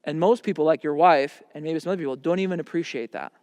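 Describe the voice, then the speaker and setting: A man's voice: on the high side, fast talker, a little mellow, dry recording, studio quality, long reverb tail. A man giving a seminar talk to young people at a camp, speaking conversationally and emphatically and acting out imagined dialogue.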